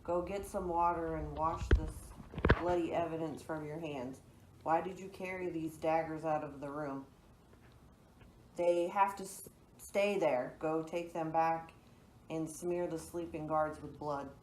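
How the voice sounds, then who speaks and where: A woman's voice: deep voice, steady tone, a little slow, darkish tone. A teenage girl playing a bold, scheming noblewoman who scorns cowardice, reading plainly with occasional slips in a school reenactment. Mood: scornful. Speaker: student actor. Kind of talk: amateur school-project reenactment. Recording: echoey room with noise behind.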